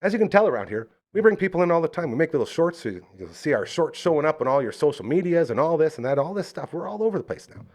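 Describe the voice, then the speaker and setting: A man's voice: on the high side, big pitch swings, fast talker, few pauses, a little mellow. A man hosting a live local podcast, chatting casually and rambling through enthusiastic sponsor plugs. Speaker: podcast host.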